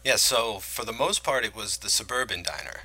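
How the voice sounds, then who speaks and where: In this rough, low-quality clip, a podcast co-host talks loosely about movies and things he remembers, often restarting and filling gaps with filler words. His lowish, husky voice sounds pushed and bright, moving at a normal speed.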